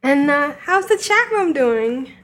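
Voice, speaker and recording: A woman hosting a podcast, with a slightly high voice. She chats casually and laughs often between her remarks. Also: big pitch swings, slow pace, a bit bright. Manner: giggly, chatty. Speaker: podcast host. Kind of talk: casual chat.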